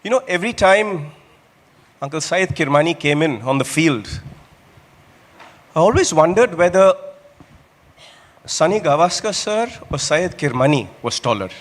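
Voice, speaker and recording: A man's voice: on the high side, expressive, a little slow, pauses often. A man hosting an awards show, teasing his guests with playful questions. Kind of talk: stage interview. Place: large indoor awards hall. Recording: reverberant hall.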